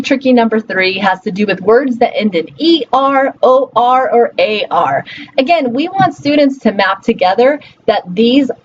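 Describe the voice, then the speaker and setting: A woman's voice: on the high side, muffled recording, a little hiss or hum. A woman teaching a recorded linguistics lecture in a chatty, encouraging way, often checking in with "okay?" and "right?". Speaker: linguistics instructor.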